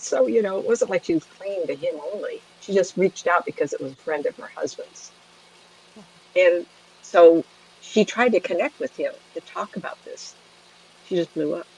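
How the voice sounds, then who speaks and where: Husky-voiced chatty woman medium. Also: fairly low pitch, normal speed, muffled recording. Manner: chatty, laughs often, lively asides. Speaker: psychic medium. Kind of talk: storytelling to a camera.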